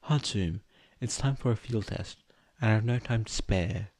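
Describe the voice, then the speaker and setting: Audiobook lead, young male scientist, urgent and in charge, read by a man, low voice, dead-dry booth. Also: moderate pace, darkish tone, no echo. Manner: urgent, commanding.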